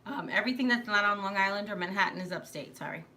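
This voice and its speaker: A woman's voice: mid-range voice, quick pace, bright, forceful tone, slight background noise. A middle-aged woman from New York hosting a casual live stream, chatty and rambling, laughing often. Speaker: live stream host, mother.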